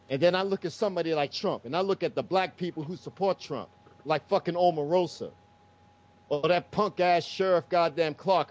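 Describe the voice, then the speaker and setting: Heated, profane man ranting, lo-fi sound. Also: on the high side. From United States. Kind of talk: political rant on a talk show. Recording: dull lo-fi sound.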